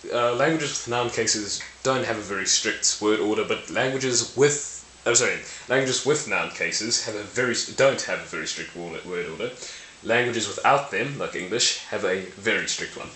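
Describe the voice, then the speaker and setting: A man's voice: on the low side, moderate pace, sharp tone. A man explaining language ideas to camera in a casual, playful way, often correcting himself and laughing at his own slips. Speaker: language video host. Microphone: camera mic. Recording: roomy with faint hiss.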